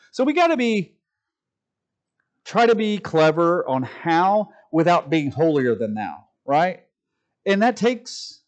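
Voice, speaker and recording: A middle-aged man giving an informal preaching talk, conversational and animated, mimicking voices when he tells stories. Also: fairly high pitch. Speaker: Christian speaker.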